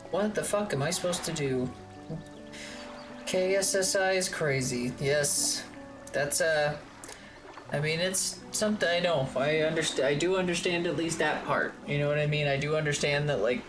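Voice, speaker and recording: A woman streamer chatting casually and rambling while she plays, swearing freely, from a home streaming room. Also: sits low. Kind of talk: casual chat while gaming.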